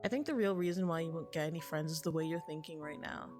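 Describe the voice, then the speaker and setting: A woman's voice: low-pitched, fast, music in the background, natural voice. A woman reading a blunt, nosy kid.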